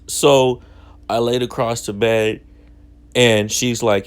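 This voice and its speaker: A man's voice: mid-range voice, fairly even intonation, slow pace, smooth. A young man casually telling a story from his childhood in slangy, self-mocking talk. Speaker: vlogger.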